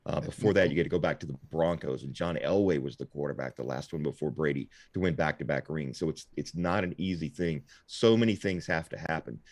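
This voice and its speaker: A man's voice: extremely low pitch, fairly quick, hardly any pauses, no room sound. A middle-aged man in casual podcast chat, telling a rambling, reflective story. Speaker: guest host.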